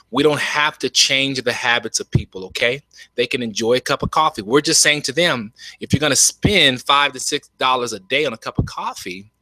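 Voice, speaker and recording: An eager man talks straight into his webcam in a bright, forceful voice. He keeps calling out "you all" in a folksy, animated sales pitch. The sound is dry and close. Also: no echo. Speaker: network marketing presenter. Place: home.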